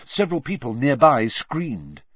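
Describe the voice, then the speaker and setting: A man reading fiction aloud as an audiobook narrator, measured but expressive. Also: medium pitch, slightly rough, no echo. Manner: measured storytelling with lively swings. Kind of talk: scripted narration. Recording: dull dry lo-fi recording.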